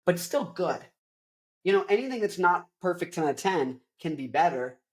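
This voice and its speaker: Young man, host, casual rant, rambling, animated, lots of fillers. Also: high-pitched, normal speed.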